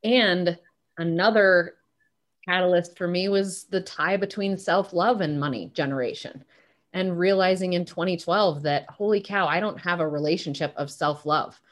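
A woman's voice: lowish voice, moderate pace. A middle-aged woman, a business coach, speaking with emphatic energy as a podcast interview guest. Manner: energetic, emphatic, acts out quotes.

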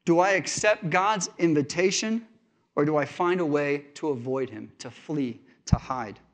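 A male pastor preaching in a slightly high-pitched voice. He speaks conversationally and earnestly, weaving stories from home life into his sermon. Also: measured pace. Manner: conversational storytelling from family life.

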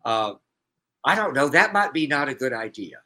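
A podcast co-host chats casually in a bright, mid-range voice at a normal pace. He's very animated but rambles and hesitates, filling his speech with lots of fillers.

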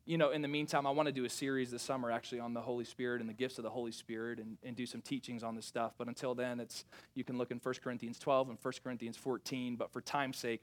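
A young adult man preaching a sermon, telling a personal story, acting out family dialogue with lively swings and dropping to quiet, intense tones at reflective moments. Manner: animated, acts out family dialogue with big pitch swings. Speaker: pastor.

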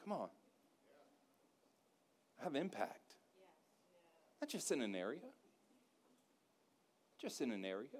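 A man's voice: mid-range voice, sing-song, slow pace, pauses often. A male pastor preaching a sermon, folksy and joking, calling for responses from the congregation. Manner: rising to loud emphatic preaching with call-and-response.

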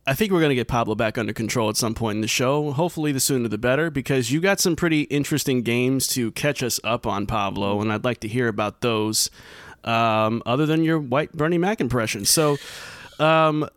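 A man's voice: mid-range voice, brisk, dry recording, clean studio sound. A young man hosting a gaming podcast, dryly teasing his co-host and steering the chat back on topic. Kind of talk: casual chat.

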